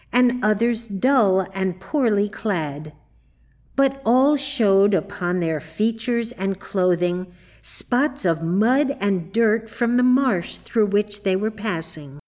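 A woman reading a children's storybook aloud in a calm narrating voice. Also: mid-range voice.

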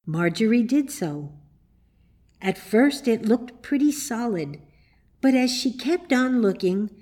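Woman reading a kids story out loud, slow and careful, a bit high. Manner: slow, measured, expressive reading. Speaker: narrator.

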